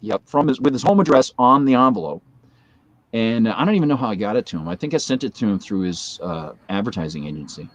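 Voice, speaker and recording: A fast-talking man in his forties with a fairly low voice and lively intonation is a guest in a casual chat, rambling through a long story full of fillers and asides. The audio is muffled and has no echo.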